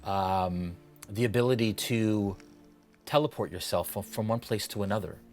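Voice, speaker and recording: A man narrating as dungeon master, setting the scene in a measured, descriptive way. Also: lowish voice, a little mellow, faint music behind. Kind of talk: narrating a tabletop game.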